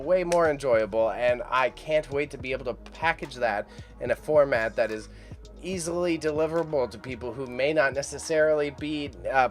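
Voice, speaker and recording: Young male live-stream host, loose and chatty, faint music underneath. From Canada. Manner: chatty, swearing, laughing often, pitch jumps when excited. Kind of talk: casual live-stream chat.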